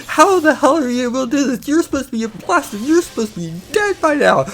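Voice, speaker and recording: A man putting on the voice of his boastful male gamer friend, a sore loser who whines in shrill, screaming outbursts. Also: animated, quick pace, a bit bright, heavily acted. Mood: outraged whining.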